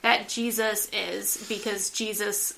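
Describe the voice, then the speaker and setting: A woman's voice: medium pitch, little pitch movement, slow pace, gravelly, bright, forceful tone, a little hiss or hum. A woman in a podcast discussion, earnestly explaining theology. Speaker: podcast co-host.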